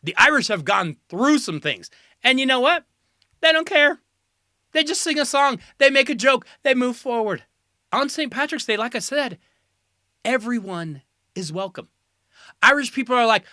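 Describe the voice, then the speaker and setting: Animated, joking American host. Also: medium pitch, moderate pace, no room sound, clean studio sound. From United States. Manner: animated, joking, sarcastic asides. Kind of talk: comedic solo commentary.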